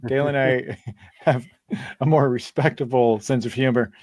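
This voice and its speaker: A man's voice: medium pitch, steady tone, unhurried, darkish tone, no echo, studio quality. A man, a band leader and guitarist, chatting casually on a live stream, rambling with many fillers and frequent laughs.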